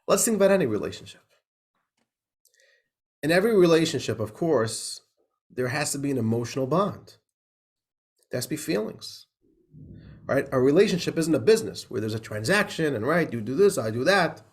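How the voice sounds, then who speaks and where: A man's voice: fairly high pitch, big pitch swings, moderate pace, long pauses. A man, a rabbi, teaching an informal class, talking in a chatty way with laughs, many restarts and questions like "right?". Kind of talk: informal class lecture with a joke.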